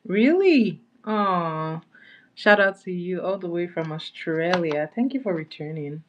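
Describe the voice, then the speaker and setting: A woman's voice: fairly low pitch, animated, unhurried, dull audio. A woman hosting a casual makeup livestream, chatting with viewers and greeting them by name as she applies products. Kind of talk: casual live-stream chat.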